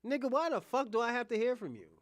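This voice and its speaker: A young adult man hosting a livestream, delivering a combative, profane rant that swings between loud outbursts and muttered asides. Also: extremely high pitch, very animated, fast talker, dry recording, studio quality. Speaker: podcast host.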